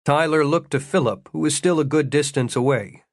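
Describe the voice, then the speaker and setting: A man reading an audiobook, telling an adventure story in a measured way with dry humor. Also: on the high side, no room sound. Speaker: narrator. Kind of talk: audiobook narration.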